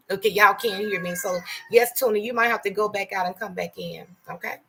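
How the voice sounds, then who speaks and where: A middle-aged woman hosting a casual livestream from home, greeting viewers by name and speaking candidly, softer and slower on painful memories. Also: on the high side, husky. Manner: greets and thanks viewers by name between stories. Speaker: livestream host. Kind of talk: casual live-stream chat.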